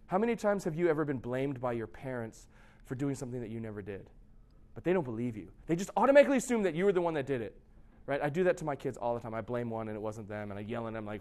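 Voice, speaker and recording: A man's voice: on the high side, a little mellow. Conversational man preaching a sermon. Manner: conversational, asks the audience questions. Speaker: pastor.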